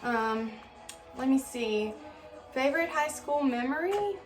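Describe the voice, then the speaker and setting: A young woman telling stories in a casual vlog Q&A, chatty and animated, with lots of fillers. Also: high-pitched, slow pace, soft background music. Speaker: vlogger. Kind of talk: casual storytelling Q&A.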